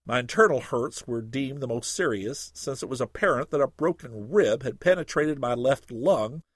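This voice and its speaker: Man, humorous story reading, expressive, lively melody, dry close sound. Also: medium pitch, moderate pace, dry recording.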